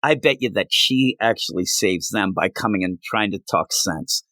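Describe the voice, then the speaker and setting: A man hosting a comic book review podcast, chatting casually in an animated, jokey way with frequent restarts. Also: lowish voice, moderate pace, no room sound.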